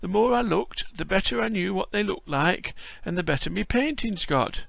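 A man putting on the voice of a very old, frail, friendly man with a Yorkshire accent, speaking in slow homely dialect. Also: high voice, lively intonation, gravelly, a bit bright, dry recording, voice pushed up, heavily acted. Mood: reminiscing.

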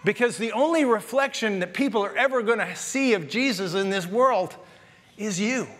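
A Canadian pastor preaching a sermon to his congregation in a lively, conversational way, with jokes and asides to the people in the pews. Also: high voice, moderate pace, long reverb tail. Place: church sanctuary.

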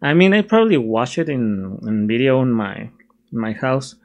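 Casting: young male reviewer, loose and rambling, quick to laugh at himself, mid-range voice. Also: medium pitch, animated, darkish tone, lo-fi sound. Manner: chatty, laughs often, self-mocking. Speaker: video reviewer. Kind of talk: casual rambling review while drawing.

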